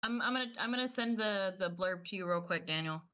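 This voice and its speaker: A woman's voice: medium pitch, quick pace, bright, forceful tone, smooth, highs cut off. An American woman chatting on a stream, teasing and asking curious questions. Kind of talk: casual chat.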